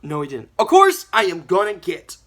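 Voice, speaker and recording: A young woman giving a ranting movie review, animated and exasperated, with mild swearing. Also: fairly low pitch, normal speed.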